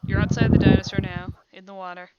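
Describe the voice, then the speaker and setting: A woman's voice: medium pitch, completely flat delivery, fast talker, muffled recording, very noisy. A woman running a tabletop game as game master, narrating casually and adding playful sound effects.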